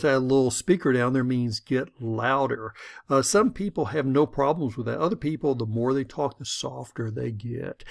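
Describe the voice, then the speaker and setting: A man's voice: mid-range voice, gravelly. A middle-aged man giving a conversational, step-by-step lesson on public speaking. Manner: folksy, conversational, explains step by step. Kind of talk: instructional talk to camera.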